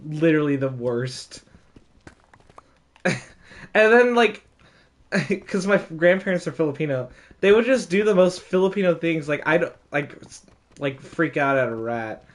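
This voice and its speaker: A young man recounts a story in a relaxed, casual way. His voice sits a little high, and he is animated and quick to laugh. He scatters fillers throughout.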